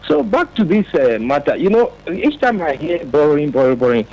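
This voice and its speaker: A man's voice: a little high, very animated, fairly quick, lo-fi sound, a little hiss or hum. A man from Nigeria calling in to a radio talk show, talking at length with restarts and fillers. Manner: talkative, with restarts. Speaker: caller. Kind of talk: phone-in call.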